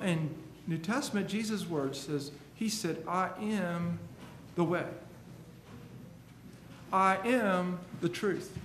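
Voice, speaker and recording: A man with a high, emphatic voice delivers a sermon and reads scripture passages aloud. He sounds earnest throughout. The recording rings with the echo of a roomy space and carries a faint background hum. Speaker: preacher.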